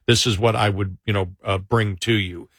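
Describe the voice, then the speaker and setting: A man hosts a political talk show in a relaxed, conversational way, with dry humor that slips in now and then. His voice is bright and forceful. The sound is dry and close, with no room echo. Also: lowish voice, normal speed, husky. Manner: sarcastic, conversational, self-correcting.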